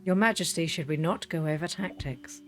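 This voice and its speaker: A woman's voice: deep voice, moderate pace, faint music behind, natural voice. A woman voicing a deferential male general addressing his king in a formal, subdued tone.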